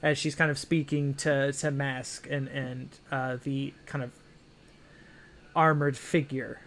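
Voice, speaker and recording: A man narrating as game master of a tabletop game, halting and filling pauses with "uh" and "kind of". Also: mid-range voice, flat delivery, fairly bright tone. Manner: halting, full of fillers.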